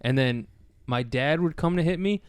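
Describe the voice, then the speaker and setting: An excitable young man co-hosting a podcast tells stories in casual chat, swearing plenty. His voice is on the high side, clear and resonant, at a moderate pace. The recording is dry, with clean studio sound.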